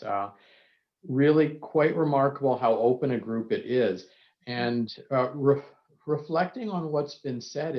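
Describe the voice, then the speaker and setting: A male psychiatrist giving candid, reflective remarks on a panel over a video call, with self-deprecating asides. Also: medium pitch. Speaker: psychiatrist guest speaker. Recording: dull lo-fi video call audio.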